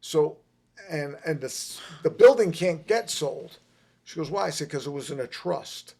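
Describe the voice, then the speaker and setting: A middle-aged man telling a long personal story on a podcast, emphatic and animated, repeating his points. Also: a little high, moderate pace, creaky. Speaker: podcast guest. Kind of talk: casual storytelling.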